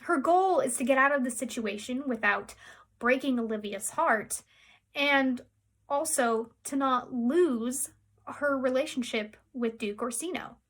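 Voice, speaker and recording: High-voiced young woman explaining verse. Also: unhurried, a bit bright. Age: young adult. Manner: explanatory, with occasional fillers. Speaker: theatre student. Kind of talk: academic analysis.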